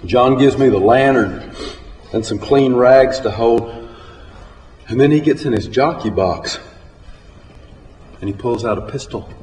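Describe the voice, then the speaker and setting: A man telling a story aloud to a live audience in a plain, unhurried way. Recorded in a hall. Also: mid-range voice, darkish tone, slight background noise. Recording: echoey hall, faint ambience.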